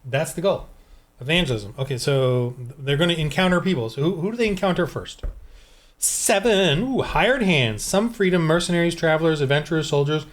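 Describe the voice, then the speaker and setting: Higher-voiced man thinking aloud over dice rolls. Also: a little fast. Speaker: tabletop game designer. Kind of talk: casual solo game-prep walkthrough. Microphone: desk microphone.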